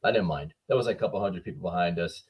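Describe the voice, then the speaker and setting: A man's voice: deep voice, racing, muffled recording, a little hiss or hum. A man, a firefighter and art teacher, telling an earnest, heartfelt story as a guest in casual chat. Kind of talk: casual video-call chat.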